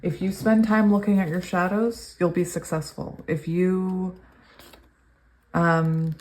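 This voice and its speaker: A woman doing a pick-a-card tarot reading. She gushes with excitement and laughs often, then reads card messages aloud in a steady cadence. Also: on the low side, takes it slowly. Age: adult, long sober. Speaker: tarot reader.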